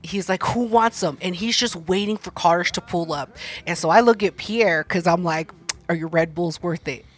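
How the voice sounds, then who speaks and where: A woman co-hosting a casual chat, telling a story in a profane, animated way and laughing often. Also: on the low side, moderate pace.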